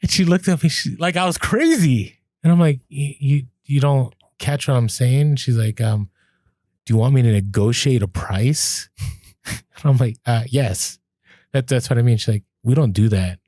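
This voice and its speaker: Lively man telling a thrifting story. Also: mid-range voice, normal speed, no room sound, clean studio sound. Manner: animated, laughs through stories, acts out quoted lines. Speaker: podcast co-host. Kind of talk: casual storytelling chat.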